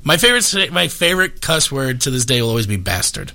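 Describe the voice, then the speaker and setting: A man's voice: medium pitch, big pitch swings, fast talker, creaky, pushed and bright. A man, a guest comedian, talking casually on a podcast with profane, rambling jokes.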